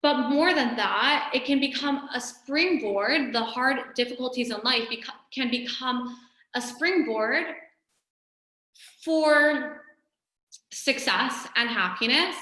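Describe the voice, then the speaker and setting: In an echoey room, a woman gives a recorded Torah lesson, her voice sitting high, slow and sharp in tone. She teaches through conversational storytelling, frequently saying "you know."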